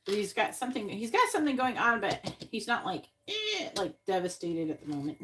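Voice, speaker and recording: A woman's voice: medium pitch, very animated, fairly quick, a bit bright, a little hiss or hum. A woman from Florida giving a live-stream tarot reading, chatting and thinking aloud between card pulls. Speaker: psychic reader.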